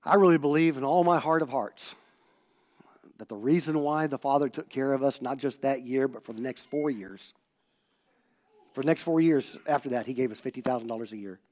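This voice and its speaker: A man preaching a sermon as pastor, telling a story and acting out the dialogue, swinging from loud bursts to hushed tones. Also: mid-range voice, brisk.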